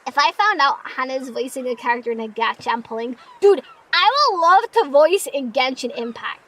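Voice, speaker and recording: Giggly high-voiced young woman streamer. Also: animated, a bit bright, low-quality recording. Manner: playful, giggly, quick self-deprecating banter. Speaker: streamer, part-time voice actor. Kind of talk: casual live-stream chat.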